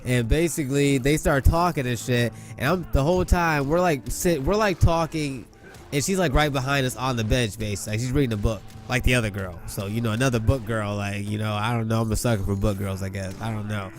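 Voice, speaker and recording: Young male gamer-storyteller, mid-pitch, boastful and profane, low music bed. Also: brisk. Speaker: gaming YouTuber. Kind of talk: casual storytelling over gameplay. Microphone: gaming mic at a desk.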